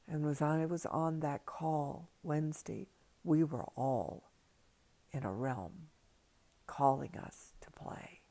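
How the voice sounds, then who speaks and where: Older woman, slow gentle livestream talk, low gravelly voice, hushed with whispers. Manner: soft and hushed, slipping into whispers. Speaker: spiritual teacher. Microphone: livestream computer mic.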